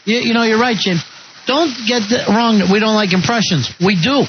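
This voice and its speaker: Male talk radio host, sarcastic banter, fairly high voice, muffled broadcast audio. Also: a little fast, slight background noise. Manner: sarcastic, wisecracking.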